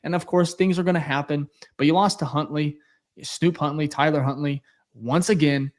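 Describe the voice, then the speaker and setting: Young male podcast co-host, slightly high voice, blunt and frustrated post-game rant. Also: steady tone, normal speed. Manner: frustrated, blunt, swears, repeats himself.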